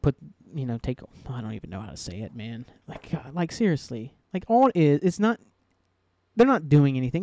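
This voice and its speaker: A man's voice: medium pitch, warm tone, no room sound. A man hosting his own solo podcast, talking casually and ranting heatedly, swearing a lot and rambling with many fillers. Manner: heated, profane, rambling with frequent "like". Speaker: podcast host.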